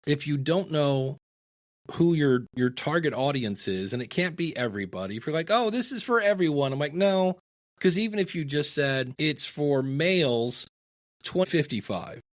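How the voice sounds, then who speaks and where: At medium pitch and ordinary speed, a middle-aged man from Ohio, USA, guests on a podcast and shares stories in an easygoing interview, acting out every bit of quoted dialogue with energy.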